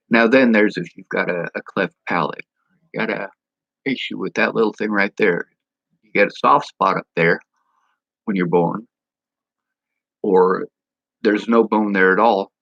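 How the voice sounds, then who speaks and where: A man's voice: fairly low pitch, fairly even intonation, a little slow, creaky, pauses often, a bit bright, dry recording, lo-fi sound. A man talking frankly and bluntly to camera in a casual vlog, swearing freely. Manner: mimics speech impediments. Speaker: vlogger.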